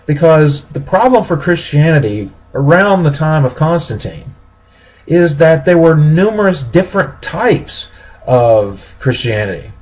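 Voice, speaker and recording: A man giving a recorded history lecture, explaining steadily with pauses and small self-corrections. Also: on the high side, big pitch swings, darkish tone, low-quality recording.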